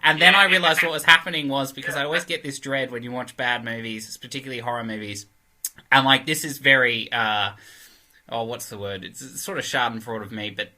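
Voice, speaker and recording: Guy on a video call podcast, super bright sharp voice, acts out lines in funny voices. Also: mid-range voice, a little fast. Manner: animated, acts out voices in quotes. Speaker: guest comedian. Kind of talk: casual podcast chat.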